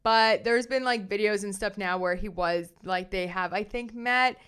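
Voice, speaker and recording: A woman hosting a casual commentary show, reading viewer comments in an animated, sassy way with slang. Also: medium pitch, normal speed, smooth. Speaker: commentary host.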